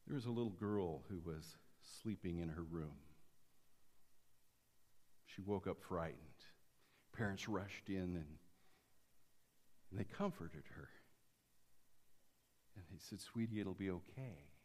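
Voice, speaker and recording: A man's voice: low voice, slow, long pauses. Man preaching with a long church echo. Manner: dynamic, swinging from quiet to emphatic. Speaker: pastor. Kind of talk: sermon.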